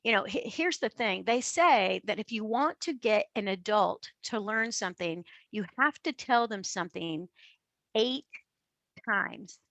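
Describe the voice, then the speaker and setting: A woman coach giving a keynote to an online conference, with energetic, conversational delivery. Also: mid-range voice, normal speed, few pauses, no room sound. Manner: energetic, conversational, acts out voices.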